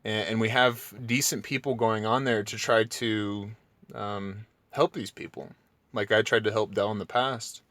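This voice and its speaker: A man's voice: measured pace, no room sound. A man ranting casually to his viewers, sarcastic and mocking, swearing freely, his voice jumping up when he mimics others. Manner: excitable, voice jumps high when mocking. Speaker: channel host.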